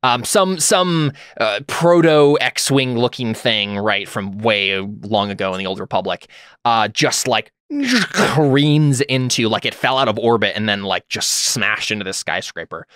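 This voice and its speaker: A man's voice: on the low side, measured pace, fairly bright tone, smooth, no room sound, studio quality. A young man narrating a tabletop game as game master, rambling with many fillers and self-corrections.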